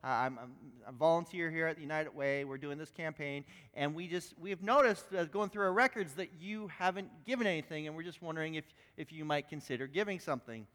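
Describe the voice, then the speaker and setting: A man's voice: fairly high pitch, fast, few pauses, fairly bright tone, long reverb tail, voice pushed down, natural voice. A man voicing a timid female charity volunteer who stammers and apologizes. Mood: stammering.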